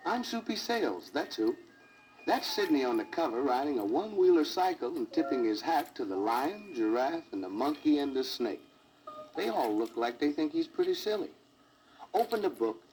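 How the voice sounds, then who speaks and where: A man's voice: medium pitch, darkish tone. A man narrating a children's storybook record, with jokey asides to the listener, on a crackly 1960s vinyl record.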